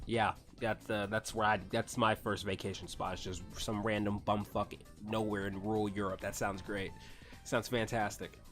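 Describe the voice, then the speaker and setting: A man's voice: lowish voice, level tone, moderate pace, a bit bright, faint music behind. A man reading fanfiction aloud and breaking off for sarcastic, swearing commentary, stumbling over words now and then.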